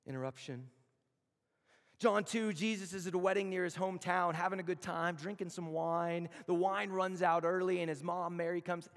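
A man's voice: sits high, fairly even intonation, fairly bright tone. A man in his thirties preaching a conversational, storytelling sermon to a room of students. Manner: storytelling, conversational, with slow emphatic phrases. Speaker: campus chapel speaker. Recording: long hall reverb.

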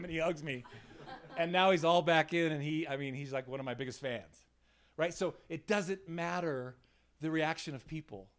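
A man preaching an informal sermon in a small room, telling stories with laughter and frequent "right?" asides to his listeners. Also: fairly high pitch. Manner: animated, laughing, frequent "right?" tag questions. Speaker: pastor. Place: small room in a church setting.

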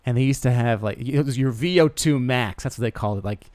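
A man's voice: medium pitch, animated, fast talker, few pauses, darkish tone, smooth, no echo. A young man hosting a podcast, telling rambling self-deprecating comic stories with lots of stammered restarts. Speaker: podcast host. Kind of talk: casual comedic monologue.

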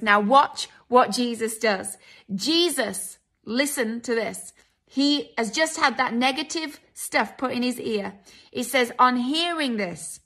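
A woman preaches with a high, bright voice. She speaks with emphasis, slipping into dramatic quoted voices and turning straight to her listeners. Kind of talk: sermon.

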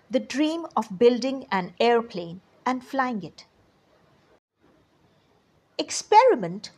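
A woman reads a children's story aloud with an expressive delivery. Her voice is breathy and fairly high. She moves slowly, with a lively rise and fall. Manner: expressive, addresses children directly.

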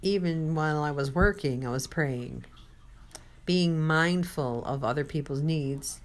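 Woman preaching, slow and kinda low, telling her story like a testimony. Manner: unhurried storytelling with quoted dialogue and asides. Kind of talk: testimony-style sermon.

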